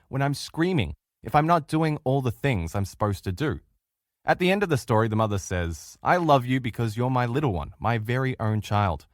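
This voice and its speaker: This recorded lecture features a middle-aged man with an Australian accent and a mid-range voice, captured at studio quality with no room sound. Teaching a relationship course, he talks straight to listeners in an earnest, emphatic manner.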